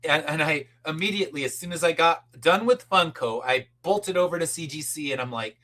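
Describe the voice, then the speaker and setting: A man's voice: a little high, brisk, pushed and bright. A middle-aged man, a podcast guest, telling a story in casual chat and acting out the people he quotes, with casual swearing.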